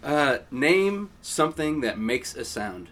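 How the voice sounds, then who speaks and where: A man's voice: on the high side, very animated, takes it slowly, background noise. A man hosting a casual chat, reading out prompts in an amused way and laughing often. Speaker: podcast host. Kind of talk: casual question-and-answer chat.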